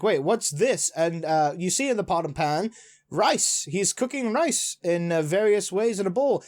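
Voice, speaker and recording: A man casually recapping and reacting to a manga chapter, rambling excitedly with lots of fillers. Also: high-pitched. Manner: excitable, rambling, many fillers, retells scenes with "he's like". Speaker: manga reviewer.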